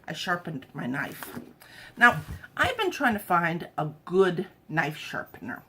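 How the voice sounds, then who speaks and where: Slow, lively-voiced woman cooking at home. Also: fairly low pitch, slight background noise. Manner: chatty, wry, jokey asides. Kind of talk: casual cooking demo chat. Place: home kitchen.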